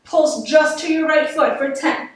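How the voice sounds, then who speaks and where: A woman's voice: high voice, measured pace, recorded from a distance. A woman yoga instructor guiding a workout class, encouraging and counting down reps. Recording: echoey room, voice from off-mic.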